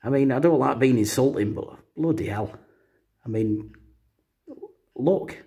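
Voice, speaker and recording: A man telling a comic story in a deadpan, rambling way, full of hesitant fillers. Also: mid-range voice, takes it slowly, husky. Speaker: comedy vlogger.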